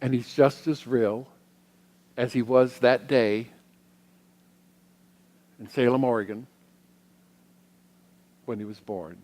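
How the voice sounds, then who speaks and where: A middle-aged male minister preaching with a mid-range voice, reflective and unhurried, pausing as he shares personal stories. His words ring out with a long reverb, as in a large church sanctuary. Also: mid-range voice, fairly even intonation, darkish tone. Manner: reflective, personal storytelling with pauses. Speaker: guest minister. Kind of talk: sermon.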